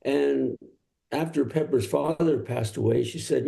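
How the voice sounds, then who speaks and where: A man's voice: medium pitch, unhurried, creaky, warm tone. An older man from Los Angeles, a singer-songwriter guest, telling easygoing, rambling stories in a casual interview.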